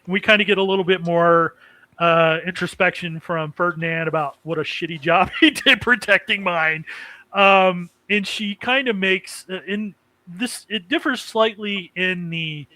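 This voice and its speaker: Man, casual anime recap host, rambling, chuckling, bright voice, dry close sound. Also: high voice, a little slow, dry recording, poor audio. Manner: rambling, chuckling, many fillers. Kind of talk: casual chat.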